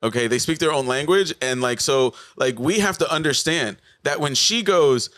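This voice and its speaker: A man from South Florida, a comedian guest on a podcast, telling stories in an animated way and acting out bits of dialogue. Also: on the high side, normal speed. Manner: animated storyteller, acts out dialogue. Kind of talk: casual podcast chat.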